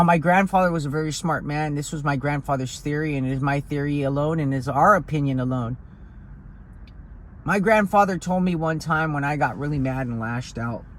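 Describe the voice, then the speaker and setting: A man's voice: on the high side, slight background noise. A man talking in a blunt, profane, rambling way in a casual vlog, recorded outdoors on a hill. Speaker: vlogger.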